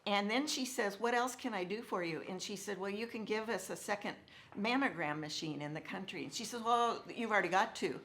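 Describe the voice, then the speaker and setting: A woman's voice: mid-range voice, a little fast. A middle-aged woman telling a personal story to an audience, acting out the dialogue she quotes. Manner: animated, acts out quoted dialogue. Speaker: speaker telling her story.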